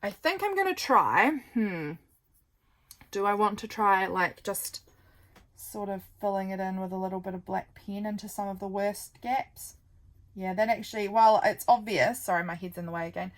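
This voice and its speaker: The audio is poor, and her mid-range voice keeps a moderate pace. While working on a craft, the vlogger chats in a rambling way, thinking through each step aloud and teasing herself about her errors.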